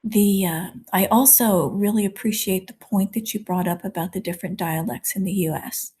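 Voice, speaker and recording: A woman communication coach speaking in a measured, affirming way. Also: medium pitch, fairly even intonation, warm tone, husky. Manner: measured, affirming, gives frequent backchannels. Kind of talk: conversational interview.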